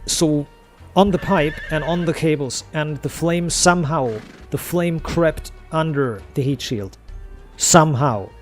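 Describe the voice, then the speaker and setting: A man's voice: on the high side, a little slow, soft background music. A young man streaming a game, telling a story in a casual, profane rant full of restarts. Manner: ranting, profane, frequent restarts. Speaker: gaming streamer. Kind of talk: casual storytelling while gaming.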